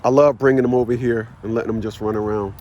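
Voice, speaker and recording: A man's voice: fairly even intonation, fast, highs cut off, a little hiss or hum. A man vlogging outdoors while walking his dogs, lecturing in a casual, repetitive, emphatic way. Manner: rising to high shouting pitch when worked up. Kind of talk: casual preachy monologue.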